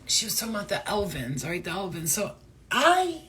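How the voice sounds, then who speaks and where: A woman giving a casual spiritual reading to her viewers, talking in a rambling, excitable and profane way. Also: mid-range voice, normal speed, slightly rough. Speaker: spiritual reader.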